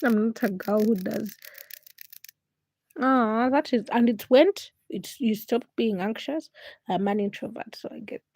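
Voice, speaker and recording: A woman's voice: on the high side, measured pace, a little mellow, dry recording. A young woman vlogger chatting casually to camera late at night, rambling and correcting herself as she confides. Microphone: camera-facing setup.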